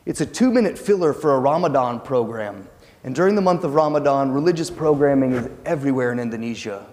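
A man gives an academic lecture, explaining in a relaxed, conversational way with small hesitations. His voice sits at a middle pitch. A long reverb follows his words through a large lecture hall. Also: fast, a little hiss or hum.

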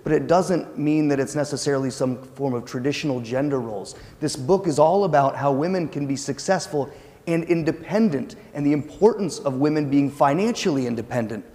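A man's voice: fairly high pitch, fairly quick, mellow, big-room sound. A man giving an academic lecture in a conversational, explanatory way with occasional hesitations.

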